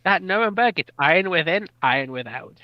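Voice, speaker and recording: A man's voice: high-pitched, animated, brisk, no room sound, lo-fi sound. A man teasing friends and giving orders while playing a team game. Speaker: player. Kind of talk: casual game chat.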